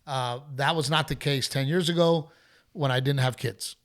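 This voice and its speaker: A middle-aged man hosting a podcast, telling a story in a casual, animated way and acting out other people's voices. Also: mid-range voice, normal speed. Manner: animated, acts out heckler voices. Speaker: podcast host.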